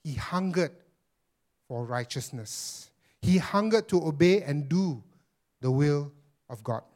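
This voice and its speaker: A man's voice: a little high, lively intonation, slow, a little mellow. A man pastor preaching a sermon emphatically, repeating phrases and calling his listeners friends.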